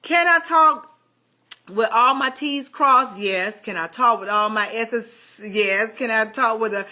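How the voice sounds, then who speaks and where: A woman from Georgia with a Southern American accent giving a chatty, animated motivational talk straight to her viewers. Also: fairly high pitch, takes it slowly. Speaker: motivational vlogger.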